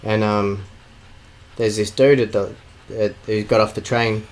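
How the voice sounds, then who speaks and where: Australian guy co-host, casual rambling storyteller who teases, lowish pitch. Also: flat delivery, unhurried, low-quality recording. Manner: rambling, teasing, many fillers. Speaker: podcast co-host. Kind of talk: casual chat.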